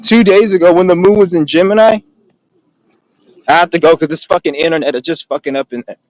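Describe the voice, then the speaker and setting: A man's voice: fairly high pitch, fast talker, darkish tone, low-quality recording. A man ranting casually on a livestream, profane and rambling with lots of filler words. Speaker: streamer.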